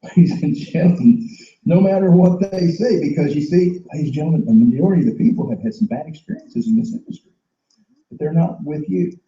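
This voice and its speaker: Dark-voiced man coaching a crowd. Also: fairly high pitch, animated, fairly quick, echoey room, muffled recording. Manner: emphatic and repetitive, acting out sales dialogues. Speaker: sales trainer. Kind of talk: motivational training talk.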